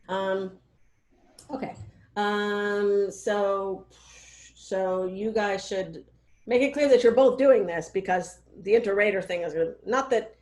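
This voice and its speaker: A woman's voice: medium pitch, darkish tone. Rambling woman with an echoey call sound. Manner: rambling, filler-heavy, checks in often. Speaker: research mentor. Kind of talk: casual meeting feedback.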